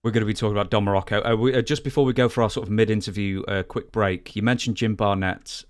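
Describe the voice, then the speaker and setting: Male interviewer. Brisk, plain questioning. Fast and low-pitched, dry sound. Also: steady tone, no room sound.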